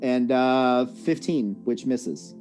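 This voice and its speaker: A man's voice: mid-range voice, slow pace, darkish tone, faint music behind. Casual man running a tabletop game. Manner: casual, filler-heavy, laughs easily. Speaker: dungeon master.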